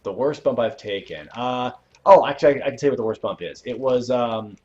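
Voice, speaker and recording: This young man has a mid-range, warm voice and talks a little fast. Hosting a game livestream on a dull lo-fi mic, he rambles in a laid-back way, chuckles, and answers questions from viewers.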